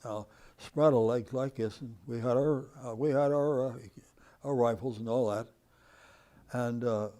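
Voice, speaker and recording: A man in his nineties, from the United States, recounts his wartime memories to an interviewer. His voice is mellow and warm, at an ordinary pitch for a man, and he tells the story with animation, chuckling along the way. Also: a little slow. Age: 90s. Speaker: veteran interviewee.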